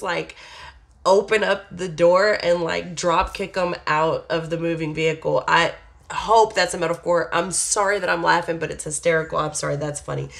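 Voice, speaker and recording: Woman, low voice, tarot reader, casual rambling talk, blunt, swears casually. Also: creaky, fairly bright tone. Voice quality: frequent sighs and laughs, blunt and candid. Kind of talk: casual tarot reading monologue.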